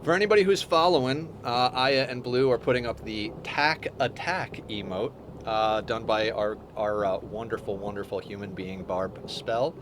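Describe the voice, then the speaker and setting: A man's voice: on the low side, normal speed, few pauses. Chatty man streaming a game, noisy background. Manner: chatty, explains his plans step by step. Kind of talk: casual live-stream gameplay commentary. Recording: steady background noise.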